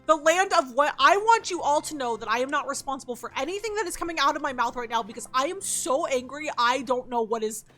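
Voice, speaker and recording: A woman's voice: sits high, expressive, quick pace, hardly any pauses, sharp tone, soft background music. A woman on a headset mic streaming a game, greeting and thanking her chat between profane, exasperated outbursts. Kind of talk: casual live-stream gaming chat.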